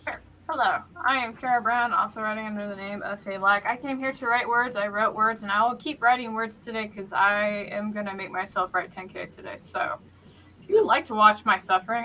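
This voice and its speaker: Woman, guest writer, playful and upbeat, bright voice, light background noise. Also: medium pitch, poor audio. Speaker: guest author. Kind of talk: casual livestream chat. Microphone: video call.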